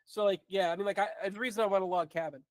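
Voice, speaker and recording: A man's voice: high-pitched, steady tone, racing, no room sound. A man chatting casually as a podcast guest, rambling and joking, often tripping over his words. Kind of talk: casual chat.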